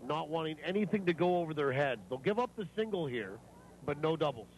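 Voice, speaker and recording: A man doing live play-by-play for a baseball game on the radio, calling each pitch in a steady, matter-of-fact way. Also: brisk. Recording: noisy ballpark ambience.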